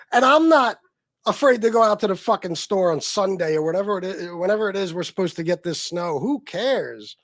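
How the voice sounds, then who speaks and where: A middle-aged man from North Carolina, ranting angrily and swearing on his livestream, loud one moment and muttering the next. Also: no room sound. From North Carolina, USA. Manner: angry, sweary, swings between loud outbursts and low mutters. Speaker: livestream host. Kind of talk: profane ranting livestream talk.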